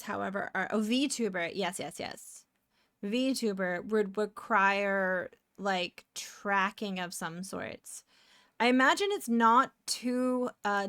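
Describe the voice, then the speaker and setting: A woman's voice: mid-range voice, no room sound. Chatty woman streamer, dry close mic. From Canada. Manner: chatty, distracted, bursts of excited exclamations. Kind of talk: casual live-stream chat while drawing.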